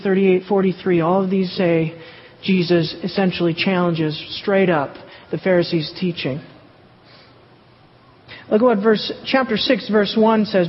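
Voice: medium pitch, slightly rough. A Bible teacher working verse by verse, reading passages aloud and then asking rhetorical questions and answering them. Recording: dull, echoey hall recording.

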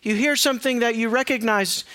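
A man preaches a sermon in a church, his voice pitched very high for a man. The tone is bright and forceful, emphatic as he keeps questioning his listeners. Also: fairly quick, smooth, no echo. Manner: emphatic, questioning the congregation, drops to a quiet low voice for reflection. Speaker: pastor. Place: church sanctuary.

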